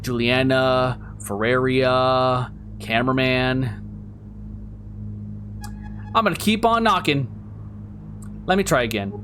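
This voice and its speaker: A man's voice: mid-range voice, takes it slowly, pauses often, fairly bright tone, soft background music. A man hosting a horror game playthrough, chatting casually and teasing his viewers. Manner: playful, teasing, jokes to viewers. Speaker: gaming video host. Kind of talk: casual let's-play commentary.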